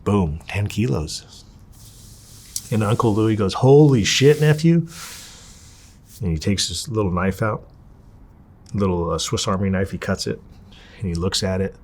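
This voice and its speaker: A man with a fairly low voice recounts his past in an interview. He swears freely and acts out the lines of the people in his story, in a candid, animated telling. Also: moderate pace, pauses often, slight background noise. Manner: profane, animated, acts out quotes.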